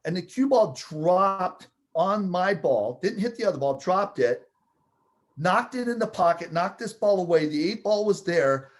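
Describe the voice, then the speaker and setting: A man telling a personal anecdote with animated, building excitement, acting out the scenes as he goes. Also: high-pitched, a little slow. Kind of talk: storytelling anecdote.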